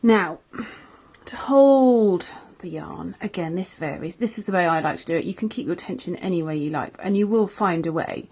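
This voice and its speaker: A woman's voice: on the low side, moderate pace, darkish tone. A young English woman, a crochet designer, teaching a beginner's tutorial in a chatty, friendly way that often corrects itself as she goes. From England. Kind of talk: casual tutorial.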